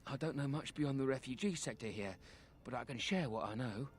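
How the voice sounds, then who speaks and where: A weary male refugee beggar with a posh British accent, voiced by an actor in a video game. He speaks in a measured, matter-of-fact way, worn down but street-wise. His voice sits at an ordinary middle pitch. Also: expressive, lightly acted. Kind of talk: game voice acting.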